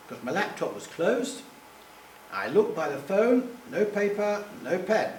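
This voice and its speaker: A man gives a rambling, self-deprecating live talk in a fairly high voice. He is picked up from a distance in an echoey hall. A faint hum runs underneath. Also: sing-song, a little slow. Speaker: public speaker.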